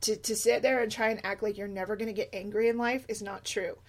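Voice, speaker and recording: A woman's voice: mid-range voice, quick pace. A middle-aged woman, a single mother, talking casually in a rambling monologue, often slipping into quoted voices. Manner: chatty, animated asides and quoted voices. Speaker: blogger, single mom.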